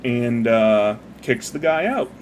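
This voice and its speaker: A man's voice: mid-range voice, expressive, takes it slowly, a little hiss or hum. A man chatting casually while building a model. He rambles, swears freely and loses his thread as the build distracts him. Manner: meandering, profane, easily distracted by the build. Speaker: model builder retelling a parable.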